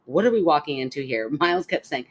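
A woman's voice: low voice, fast talker. A woman, a podcast co-host telling a story in casual chat and laughing as she talks. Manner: animated storyteller, laughs while talking.

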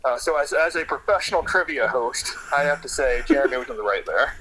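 A man calling in to a podcast, talking casually with many pauses and ums. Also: medium pitch, expressive, over a noisy crowd, poor audio. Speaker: caller. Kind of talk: casual chat.

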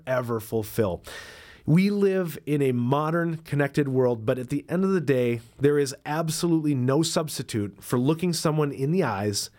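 A man's voice: medium pitch, darkish tone. A man hosting a podcast, reading a travel story aloud and breaking off for wry, self-deprecating jokes. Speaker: podcast host and dairy farmer.

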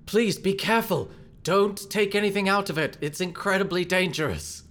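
A man voicing an anxious, fussy male adventurer companion who talks high and urgent. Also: moderate pace, a bit bright. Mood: alarmed. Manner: high-pitched, alarmed, urgent.

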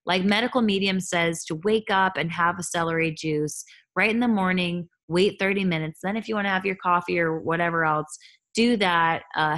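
A woman in her thirties, a holistic health coach, talking candidly and chattily on her own podcast. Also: on the low side. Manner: candid, chatty, animated asides. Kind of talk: solo podcast monologue.

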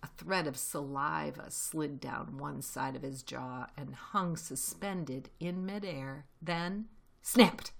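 A woman reading a children's novel aloud in a steady, expressive storytelling voice. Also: sits low, takes it slowly, vocal fry. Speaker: reader.

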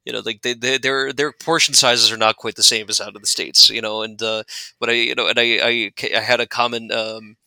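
A man with a gravelly, bright voice talks in a loose, rambling way, circling back with fillers and restarts. The sound is dry and close, with no room around it. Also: medium pitch, level tone, fairly quick, no echo. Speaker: guest glider pilot. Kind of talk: casual interview chat.

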